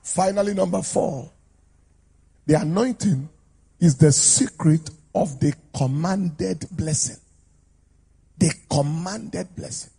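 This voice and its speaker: A pastor preaching a sermon to a congregation in a declamatory, call-and-response style, urging people to shout amen. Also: male voice, a little high, slow pace, vocal fry, long pauses, husky. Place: church service with a congregation.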